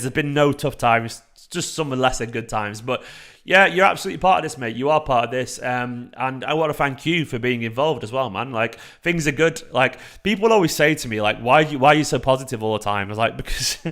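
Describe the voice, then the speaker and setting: A young man, chatting casually to his live chat as a fan channel host, animated and full of fillers and restarts. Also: mid-range voice.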